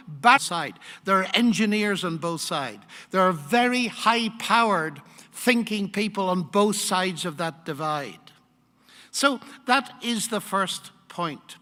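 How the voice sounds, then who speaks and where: An older man giving a public lecture, laying out his argument in an emphatic, measured way. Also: sits high, bright, forceful tone. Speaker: guest lecturer. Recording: echoey hall.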